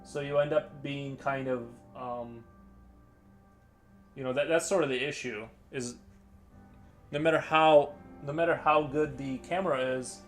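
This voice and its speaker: A man chats casually while painting on a live stream, his voice sitting at an ordinary middle pitch. He rambles and hesitates, circling back through fillers and false starts. Soft music plays faintly behind him. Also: fairly even intonation, measured pace, long pauses.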